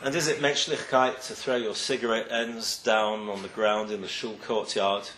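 A man's voice: on the low side, flat delivery, moderate pace, fairly bright tone, a little hiss or hum. A man giving a sermon as a rabbi, telling stories and acting out the people he quotes with lots of emphasis. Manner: storytelling, acts out quoted people, rising and falling emphasis. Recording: echoey room.

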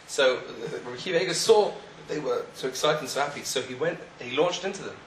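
A man telling a story in a sermon, animated, acting out the voices of the people in it. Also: mid-range voice, fast, few pauses, slight background noise. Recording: echoey room, faint ambience.

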